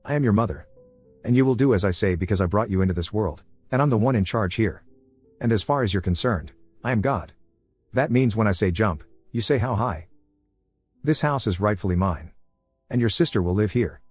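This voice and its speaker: A man's voice: on the low side, lively intonation, a little fast, a little mellow, slightly rough, faint music behind. A man voicing a domineering, entitled middle-aged mother in a narrated story, commanding and self-righteous.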